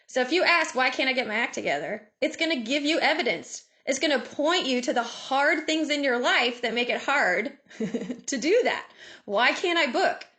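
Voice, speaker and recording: A woman giving a lively motivational talk over a video call, laughing often and acting out inner voices. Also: high voice, normal speed. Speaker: guest speaker.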